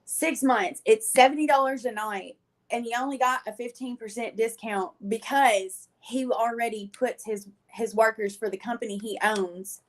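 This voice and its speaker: A woman, a podcast guest telling her own story in casual chat, animated and often laughing as she acts out what people said. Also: fairly high pitch, moderate pace.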